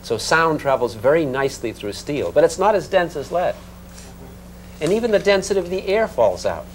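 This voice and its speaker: A man teaching a physics class in a classroom, talking in a relaxed, conversational way and checking in with his students. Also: medium pitch, a little hiss or hum. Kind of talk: classroom lecture.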